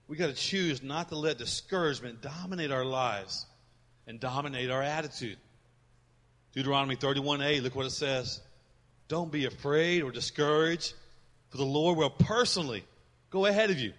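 A male pastor preaching a sermon in a church, swinging between loud emphatic lines and soft quiet ones. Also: on the high side, fairly quick, pauses often. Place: church sanctuary with congregation. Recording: reverberant hall.

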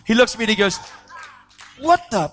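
A man preaching a sermon, telling a story with lively energy and acting out the voices of the people in it. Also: brisk, soft background music. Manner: animated, acts out quoted voices, pitch jumping up when excited.

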